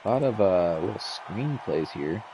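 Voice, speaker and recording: A young man with a very low, deep voice talks loosely over his football game, rambling and cursing when the plays frustrate him. A faint hiss of noise sits under his voice. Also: animated, normal speed, lo-fi sound. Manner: rambling, frustrated, swears freely. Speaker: league commissioner playing a football game. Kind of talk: casual gameplay commentary.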